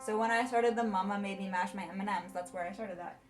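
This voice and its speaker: A young adult woman voice teacher explaining warm-ups in a chatty way and singing short demonstrations. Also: medium pitch, steady tone, fast talker, over loud music. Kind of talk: casual video lesson.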